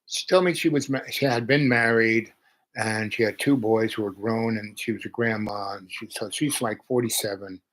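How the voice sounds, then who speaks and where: A man's voice: fairly low pitch, steady tone, moderate pace, a bit bright, rough recording. A man in his seventies telling rambling personal stories in a chatty, meandering way. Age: 70s. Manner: meandering, chatty, jumps between thoughts. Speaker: channel host.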